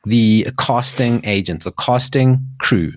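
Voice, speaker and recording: On a casual chat show, a South African co-host with a medium-pitched voice speaks at a slow pace. He tells stories in an animated, rambling way, restarting often and adding asides.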